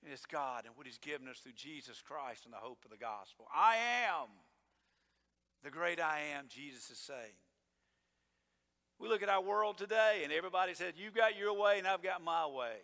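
A middle-aged male pastor preaching with a high, bright, forceful voice. He punches out declarations, then sinks to low, hushed asides. His words carry a long reverb through a church sanctuary. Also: lively intonation, brisk. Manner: emphatic preaching, rising to loud declarations then dropping low. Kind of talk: sermon.

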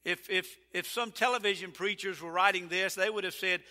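A male pastor preaching a folksy, emphatic sermon, building to loud, drawn-out peaks. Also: sits high, fairly even intonation. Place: church sanctuary. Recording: reverberant church sanctuary.

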